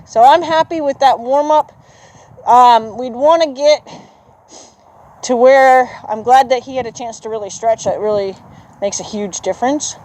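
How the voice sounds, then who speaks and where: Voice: medium pitch, a little slow, a little mellow, poor audio. Encouraging horse trainer coaching outdoors. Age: adult with children. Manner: encouraging, praises the horse often. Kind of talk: coaching a riding lesson. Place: outdoor arena.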